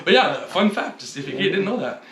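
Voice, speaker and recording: A man's voice: high-pitched, big pitch swings, normal speed, a bit bright, reverberant. A man co-hosting a podcast in a casual chat who often stammers and repeats words as he shares trivia. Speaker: podcast co-host.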